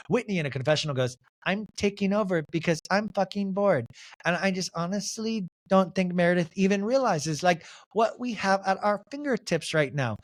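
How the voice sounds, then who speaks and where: A man's voice: high-pitched, normal speed. A man hosting a solo podcast, recapping a reality show and acting out the quotes in mimicking voices. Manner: animated, mimics cast members' voices. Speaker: podcast host.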